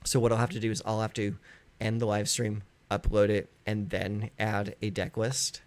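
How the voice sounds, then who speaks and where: A man's voice: monotone, moderate pace. A man chatting casually on a live stream from his home, rambling with lots of fillers. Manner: rambling, filler-heavy, easygoing; high baby-talk when calling his dogs. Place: home in California.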